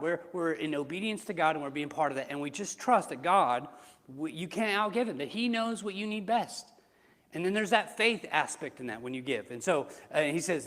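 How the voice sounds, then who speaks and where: A man's voice: on the high side, fairly bright tone. A male pastor giving a conversational sermon, asking his listeners rhetorical questions. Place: church sanctuary. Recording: reverberant church hall.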